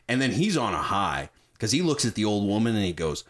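A man with a low voice talks through a film in casual chat. His pitch swings widely as he gets animated, and he swears freely while acting out lines from the scenes he retells. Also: normal speed.

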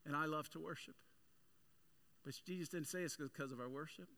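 A male pastor preaching a sermon with energetic, animated storytelling. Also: a little high, fairly quick.

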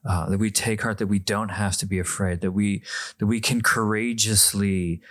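A man co-hosting a podcast, reflecting on a Bible passage in a measured, thoughtful way. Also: on the low side, fairly even intonation, a bit bright, dry recording, clean studio sound. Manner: measured, reflective, with frequent restarts. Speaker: podcast co-host. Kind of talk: casual Bible discussion.

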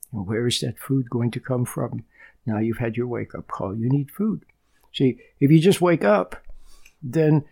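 Husky guy preaching softly, kinda gravelly, calm and slow, sometimes nearly whispering. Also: mid-range voice. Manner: soft, unhurried, drops to a near-whisper. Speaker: spiritual teacher. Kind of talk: gentle spoken sermon.

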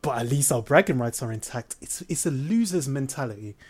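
A man's voice: medium pitch, expressive, brisk, darkish tone, husky. A man, co-hosting a casual football chat, blunt and opinionated with some swearing. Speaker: podcast co-host.

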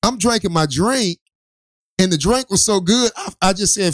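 Man, casual rambling storyteller, raised pitch, dry close mic. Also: animated, normal speed, no room sound. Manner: loose, profane, rambling storyteller with many restarts. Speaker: co-host.

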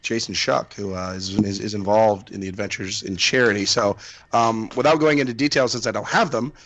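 A man's voice: lowish voice, a little fast, a bit bright. A man co-hosting a casual podcast chat, rambling with lots of fillers and restarts. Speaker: podcast co-host.

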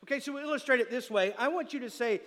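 A pastor preaching an emphatic sermon who calls out for an "Amen" from the congregation. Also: male voice, very high-pitched, very fast, a bit bright, big-room sound. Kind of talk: sermon with live demonstration. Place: church sanctuary.

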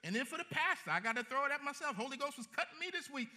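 A man preaching a sermon as pastor, animated and colloquial, joking with his congregation. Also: very high-pitched, rapid-fire.

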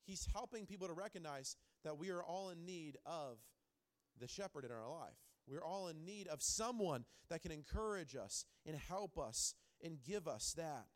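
A man in his thirties delivers a church sermon with a slightly high-set voice. He tells stories with animation and repeats key lines for emphasis. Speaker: pastor.

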